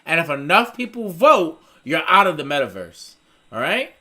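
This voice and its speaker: A young man co-hosting a casual podcast, telling profane, animated stories and acting out the characters in them. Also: fairly high pitch, moderate pace. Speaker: podcast co-host. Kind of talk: casual chat.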